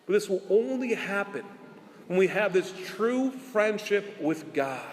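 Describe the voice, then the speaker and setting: A priest giving an earnest sermon, asking rhetorical questions and drawing out his key words slowly. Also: sits high, very animated, in a large hall, a little hiss or hum. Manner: earnest preaching with rhetorical questions and slow emphatic endings.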